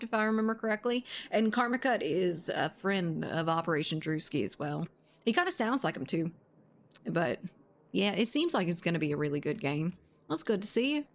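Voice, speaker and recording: A woman game streamer in casual live-stream chat, laughing often, swearing freely and answering her viewers. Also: on the low side.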